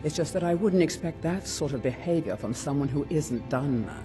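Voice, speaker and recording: A haughty, secretive dark elf man, voiced by an actor for a video game. He talks formally and turns indignant quickly, his voice pitched fairly high, with music playing clearly behind him. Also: expressive, natural voice.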